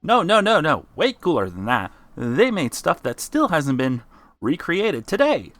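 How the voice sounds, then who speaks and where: A man voicing an excitable male crab pushing wild theories, talking insistently. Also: on the high side, a little slow, no echo, voice pushed up, heavily acted.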